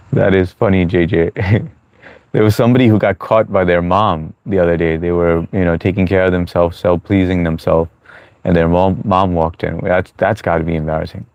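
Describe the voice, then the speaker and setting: A man's voice: low-pitched, little pitch movement, moderate pace, a little mellow, no echo, lo-fi sound. A man hosting a live stream in casual chat, reading viewer comments aloud and chatting with them in a laid-back, friendly way.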